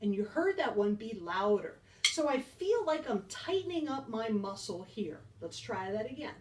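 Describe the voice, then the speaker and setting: Upbeat woman band teacher, fairly high voice, a little off-mic, encouraging beginners. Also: very animated, normal speed, far from the mic, background noise. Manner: upbeat, encouraging, counts beats aloud. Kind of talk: beginner percussion lesson.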